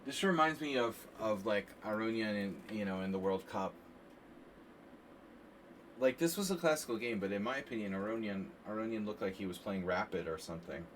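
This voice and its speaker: A man casually commenting on chess games during a live stream, rambling and animated with lots of filler words. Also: on the low side, fairly quick. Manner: rambling and animated, frequent "like" and "you know". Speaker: chess coach streaming a lesson. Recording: distant mic with faint background hiss.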